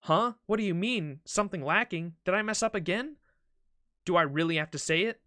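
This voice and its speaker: A man's voice: sits high, a little fast, pushed and bright, no echo, clean studio sound, pitched above the performer's own voice. A man voicing a hot-tempered young woman monk in a game, earnest and scolding. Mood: puzzled.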